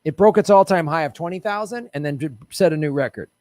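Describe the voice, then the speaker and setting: A man hosts a solo political livestream, with a voice sitting a touch higher than most men's. He rants with exasperation, drops swear words freely, and turns to chat with his viewers. The sound is close and dry, with no room around it. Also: fast talker, mellow, no echo. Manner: chatty asides to viewers. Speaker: political commentary host.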